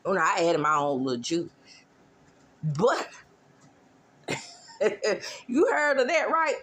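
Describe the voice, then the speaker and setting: A woman's voice: on the low side, big pitch swings, takes it slowly, a bit bright. A woman hosting a casual gossip show with a sassy, drawling manner, teasing and mimicking as she talks. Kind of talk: casual celebrity gossip commentary.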